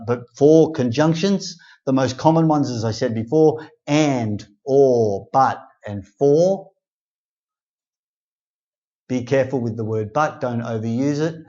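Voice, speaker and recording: A man teaching English grammar in a casual spoken lesson, slow and deliberate, with many pauses and fillers. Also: medium pitch, mellow. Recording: slightly dull, lo-fi sound.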